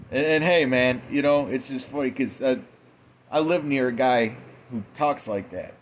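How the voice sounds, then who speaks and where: A man's voice: mid-range voice, animated, a little slow, long pauses, a little hiss or hum. A man giving a profane, mocking late-night commentary monologue, quoting scripture in a preachy way. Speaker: commentary host.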